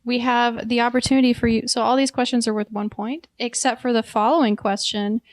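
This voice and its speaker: A woman's voice: a little high, fairly even intonation, a little fast, no room sound. A woman co-hosting a podcast trivia game, explaining the rules in upbeat, laughing banter. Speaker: podcast co-host running the quiz. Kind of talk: casual game-show banter.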